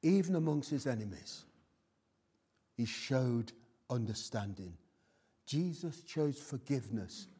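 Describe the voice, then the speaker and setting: An older man preaching a sermon with emotion, swinging between loud exhortation and hushed asides. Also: mid-range voice, expressive, slow, long pauses, slightly rough.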